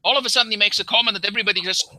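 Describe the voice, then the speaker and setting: A man's voice: high voice, very fast, pushed and bright, no echo, poor audio. A man in a casual group chat, blunt and profane, often restarting and repeating himself. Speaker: livestream chat participant.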